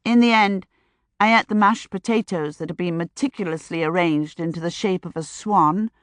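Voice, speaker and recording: A woman reading a novel aloud in a measured, wry first-person audiobook narration. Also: fairly low pitch, no room sound.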